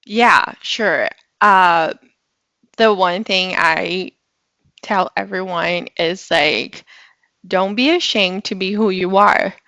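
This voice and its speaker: A woman's voice: on the low side, slow, creaky, bright, forceful tone, no room sound. Brazilian-accented woman in her twenties. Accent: Brazilian Portuguese. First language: Portuguese. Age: 20s. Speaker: guest. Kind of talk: casual interview answer.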